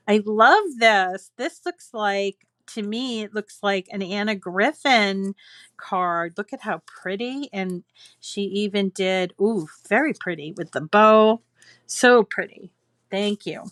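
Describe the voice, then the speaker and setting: A woman who hosts a crafting channel chats casually at home, gushing as she reads viewers' holiday cards aloud. Her voice is medium-pitched with a fairly bright tone, and there's no echo.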